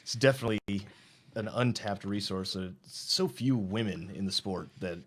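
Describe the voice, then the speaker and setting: A man with a fairly low voice who hosts a relaxed conversation. He laughs often and backs his guest up with short, encouraging replies. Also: normal speed, husky. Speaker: interviewer. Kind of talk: casual interview chat.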